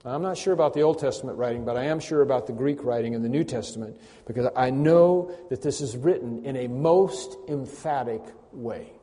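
A man's voice: medium pitch, fairly quick, hardly any pauses, mellow. A man preaching a sermon, emphatic and building to a raised voice at key points. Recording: long hall reverb.

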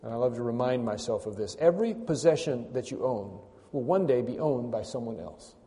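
A man's voice: medium pitch, lively intonation, a little fast, mellow. A man preaching a sermon, emphatic and building to a raised voice at key points. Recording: long hall reverb.

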